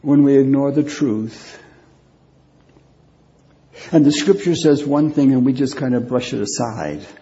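A man preaching a sermon as pastor, speaking deliberately and repeating key phrases for weight. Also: medium pitch, animated, mellow, lo-fi sound.

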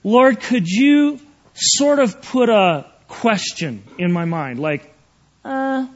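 A man's voice: sits high, very animated, slow pace, highs cut off. A man preaching an earnest, conversational sermon, often checking in with his listeners.

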